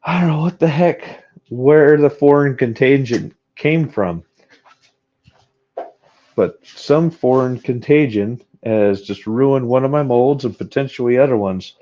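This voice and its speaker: A man's voice: medium pitch, a little slow, mellow. A man live-streaming while casting metal, talking to his chat, frustrated and joking at his own expense. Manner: frustrated, self-deprecating, talks to chat. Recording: dull lo-fi sound.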